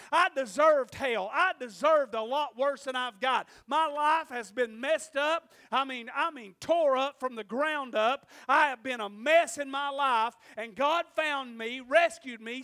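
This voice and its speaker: A man's voice: extremely high pitch, pushed and bright. A male preacher giving a fervent sermon and calling out to the congregation for amens.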